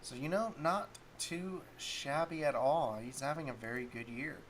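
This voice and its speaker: A man's voice: fairly high pitch, normal speed, fairly bright tone, slight background noise. A man hosting a solo sports talk stream, rambling casually and thinking aloud while he looks up stats. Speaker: sports talk show host.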